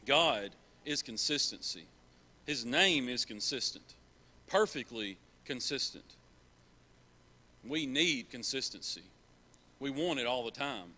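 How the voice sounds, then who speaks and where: A man's voice: medium pitch, lively intonation, takes it slowly, sharp tone. A man preaching a sermon in a church, earnest and repeating key phrases for emphasis.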